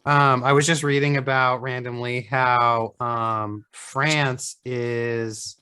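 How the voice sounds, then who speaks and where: Man, sleep-deprived, bright voice, rambling casual podcast talk, swears casually. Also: mid-range voice, flat delivery, slow pace, clean tone. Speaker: podcast co-host.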